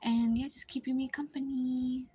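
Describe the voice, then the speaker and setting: Soft-spoken young woman streamer. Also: flat delivery, moderate pace, husky. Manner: speaks quietly at low volume, partly whispering; rambling, many likes and restarts. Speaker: art streamer. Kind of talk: casual live-stream chat while drawing.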